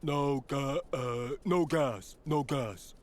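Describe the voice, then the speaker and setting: An actor playing a dim-witted male thug in a video game, halting and repetitive. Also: medium pitch, natural voice. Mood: dull.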